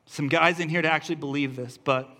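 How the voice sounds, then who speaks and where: A male pastor preaching at a church service, his voice pitched high with a bright, forceful edge. He talks earnestly and keeps repeating phrases, restarting lines to build emphasis. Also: fairly even intonation, quick pace. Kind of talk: sermon.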